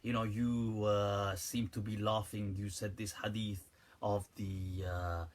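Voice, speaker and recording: Man putting on an indignant Arabic-accented man, low and hesitant, who stammers and apologizes over and over. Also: little pitch movement, slow. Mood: indignant, apologetic. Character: agitated Middle Eastern man, apologetic yet indignant.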